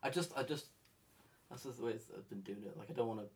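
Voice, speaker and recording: A man's voice: mid-range voice, quick pace, husky. A teenage boy hosting a casual podcast chat, rambling and laughing often, with the odd swear. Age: teens. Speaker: podcast host.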